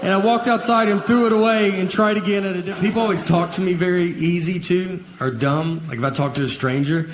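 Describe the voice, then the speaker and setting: A man in his forties doing stand-up comedy, deadpan and self-deprecating, with an audience laughing in an echoey hall. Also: high-pitched, fast talker, hardly any pauses, a little hiss or hum. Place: theater stage before an audience.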